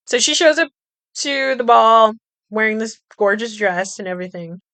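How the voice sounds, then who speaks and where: Chatty woman, smooth clear voice. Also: mid-range voice, a bit bright, dry recording. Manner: chatty, laughs often, swears, quick asides. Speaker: podcast host. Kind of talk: casual movie recap.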